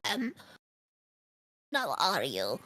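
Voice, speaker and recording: A game master voicing a frail, senile old woman in her eighties who talks in a slow, quavering, sweetly condescending way. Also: medium pitch, huge pitch swings, sharp tone, exaggerated voice. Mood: sweetly puzzled. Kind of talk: tabletop role-play voice.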